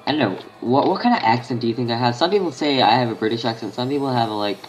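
A man's voice: mid-range voice, very fast, soft background music. A man with an Australian accent giving casual gameplay commentary, thinking aloud and muttering half-finished sentences to himself. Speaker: gaming channel host.

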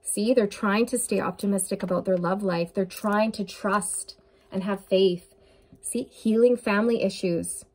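A woman's voice: mid-range voice, steady tone, a little slow, a little mellow. A woman giving a channeled tarot reading to her viewers, earnest and intuitive, talking straight to the listener. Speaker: tarot reader.

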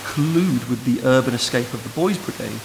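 A man giving an academic lecture in a measured, thoughtful way, recorded in a lecture room. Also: mid-range voice, animated, vocal fry. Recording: noisy hiss in a reverberant hall.

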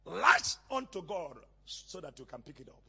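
High, lively-voiced male preacher. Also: moderate pace, gravelly, husky, muffled recording. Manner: preaching, questions the congregation and has them fill in words; rising to shouts at times. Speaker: pastor. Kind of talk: sermon with call-and-response.

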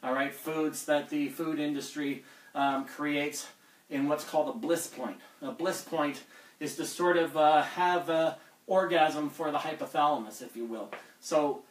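A man's voice: a little high, measured pace, roomy sound, far from the mic, poor audio. A man coaching fitness on a live stream, blunt and lecturing as he talks through diet advice.

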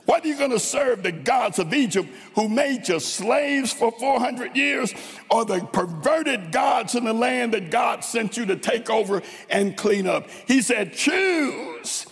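A man from Tennessee with a Southern accent, preaching a fervent sermon with drawn-out, dramatic emphasis in a large church. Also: extremely high pitch, expressive, creaky, soft background music. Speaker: guest preacher. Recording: long reverb in a large church.

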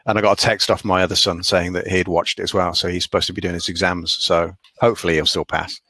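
Middle-aged male host, lowish voice, rambling and chatty; dry recording. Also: level tone, fast, sharp tone, no room sound. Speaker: dentist, podcast host. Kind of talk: casual chat.

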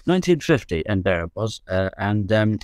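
A man's voice: on the low side, very animated, normal speed, a little mellow, no room sound, studio quality. A man in his seventies from London, a guest musician recalling his youth in rambling, self-correcting, joking talk. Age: 70s. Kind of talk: relaxed storytelling.

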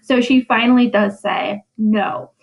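A woman's voice: on the high side, moderate pace, a bit bright, highs cut off. A woman English teacher giving a casual, chatty recorded lesson recap, often checking in with "right?".

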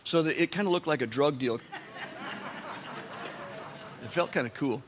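A pastor preaching a sermon, telling the story with animated asides and dramatic emphasis. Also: male voice, on the high side, normal speed, noisy background. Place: church sanctuary. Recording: long church-hall reverb.

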